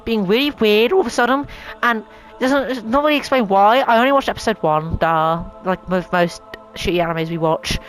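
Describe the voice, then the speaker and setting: A woman's voice: medium pitch, normal speed, faint music behind, rough recording. A woman hosting a casual opinion rant at home, rambling, swearing a lot and sounding exasperated. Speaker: channel host. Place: home room.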